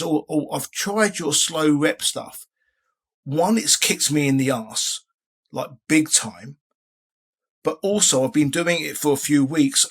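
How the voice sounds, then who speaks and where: A man's voice: fairly high pitch, a bit bright. A man around sixty, a guest in a casual interview, talking in a rambling way with many restarts. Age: 60s. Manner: rambling, frequent restarts and filler phrases.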